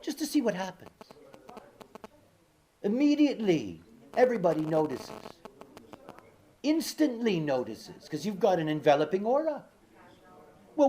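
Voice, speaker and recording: A man's voice: high voice, very animated, normal speed, long pauses, dark tone. Man lecturing in a rambling conversational way. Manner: rambling and conversational, with many fillers and asides; emphatic, repeats key words for stress. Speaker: speaker giving a talk. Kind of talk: informal lecture with personal anecdote.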